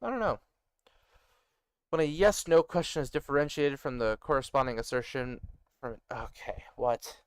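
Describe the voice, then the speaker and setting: A man building a made-up language, thinking aloud as he works and reading notes aloud in quick bursts, muttering and poking fun at himself. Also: mid-range voice, clean tone, no echo, studio quality. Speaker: worldbuilder designing a conlang. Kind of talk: thinking aloud while working on screen.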